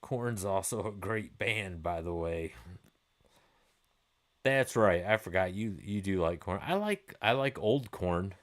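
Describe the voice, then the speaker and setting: Slow, low-voiced laid-back male streamer. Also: animated. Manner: rambling, laid-back, swears freely. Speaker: live-stream gaming host. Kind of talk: casual live-stream chat with viewers.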